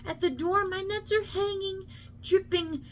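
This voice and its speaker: A woman's voice: extremely high pitch, steady tone, measured pace, a little hiss or hum, voice pushed up. A scolding exasperated mother, as a woman reads her part. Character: scolding mother of a lazy son. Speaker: storyteller.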